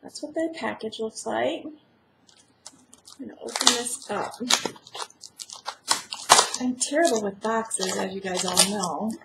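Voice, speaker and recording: A woman's voice: on the high side, gravelly, echoey room, heavy background noise. A woman vlogger chatting casually and gushing as she unboxes a package.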